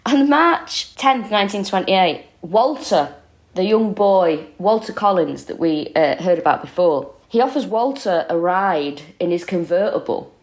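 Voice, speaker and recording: A woman's voice: fairly low pitch, animated, measured pace. A woman co-hosting a true-crime comedy podcast, retelling a case casually and expressively, with frequent exclamations.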